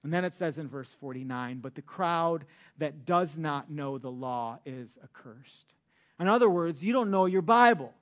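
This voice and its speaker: A male pastor preaching a sermon with emphatic, drawn-out words for stress. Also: fairly high pitch, lively intonation.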